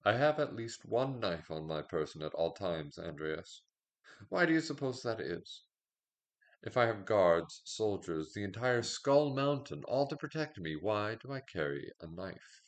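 A man reading the part of a wry, commanding male king who asks calm, dry, probing questions. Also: on the low side, measured pace. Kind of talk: fiction reading.

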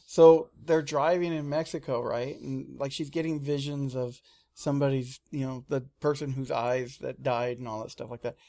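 A man in casual chat, telling lively stories and acting out his own screams. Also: medium pitch, normal speed. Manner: animated storyteller, mimics his own screams. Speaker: comic shop staff guest. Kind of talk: casual radio-style chat.

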